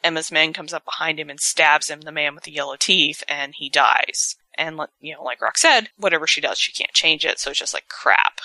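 A woman's voice: low-pitched, brisk, hardly any pauses, sharp tone, no echo. A woman co-hosting a casual chat, animatedly retelling a story and acting out the characters' lines. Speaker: podcast co-host recapping a TV episode.

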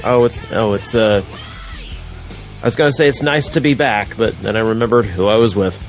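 A man's voice: on the low side, normal speed, faint music behind. A man co-hosting a casual wrestling talk webcast, teasing and joking with laughs. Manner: jokey, teasing, laughs often. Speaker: podcast co-host. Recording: dull lo-fi web audio.

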